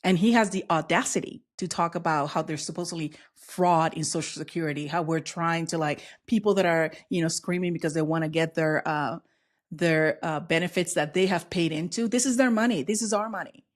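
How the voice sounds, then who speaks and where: A woman's voice: fairly low pitch, a little fast. Woman, American, vlogger, sassy, gleeful, outspoken, casual reaction commentary. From United States.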